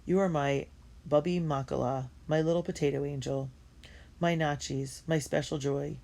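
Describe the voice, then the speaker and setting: A man's voice: fairly high pitch, steady tone, moderate pace, gravelly, a little mellow. A woman reading the lines of an affectionate immigrant father, a violinist, in a tender and playful way.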